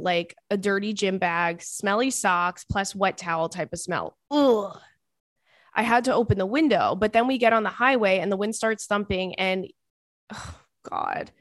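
A woman podcast host reading a listener's email aloud in casual chat, expressive and dramatic with exasperated asides. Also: medium pitch, no echo, clean studio sound.

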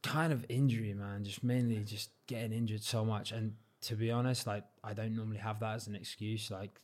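Relaxed low-voiced English man chatting. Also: fairly quick. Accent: English, not Cornish. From Cornwall, England. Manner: relaxed, modest, lots of fillers like "like" and "you know". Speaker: guest, freestyle football champion. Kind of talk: casual interview chat.

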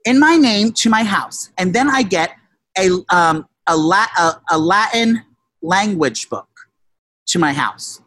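A casual, profane storyteller who rambles with many restarts and shouted quotes. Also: male voice, high-pitched, lively intonation, a little slow, no echo. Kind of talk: casual chat.

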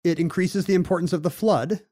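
With a high, mellow voice and a slightly fast delivery, a man co-hosts a podcast and explains things at length in a loose, casual way. He keeps restarting and dropping "you know" fillers. The studio sound is clean, with no room sound.

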